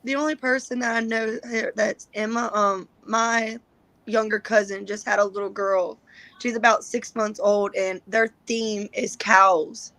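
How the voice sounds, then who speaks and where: Woman, reading recipient, soft, halting, dry close sound. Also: medium pitch, steady tone, dry recording, low-quality recording. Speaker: caller receiving reading.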